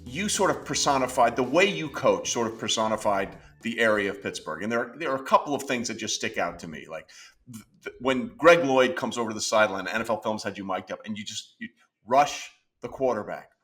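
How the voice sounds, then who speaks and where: A man's voice: on the low side, lively intonation, fairly quick, fairly bright tone, soft background music. A man hosting an interview show, chatting casually and eagerly recounting moments from the guest's career. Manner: enthusiastic, recounting clips with filler words. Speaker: podcast host.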